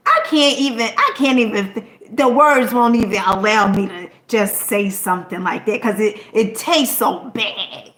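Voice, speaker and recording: A woman's voice: on the high side, lively intonation, moderate pace, hardly any pauses, fairly bright tone. Emphatic woman vlogger in an echoey room. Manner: emphatic and preachy, keeps asking "okay?", swears casually. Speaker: content creator. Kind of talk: motivational talk to camera.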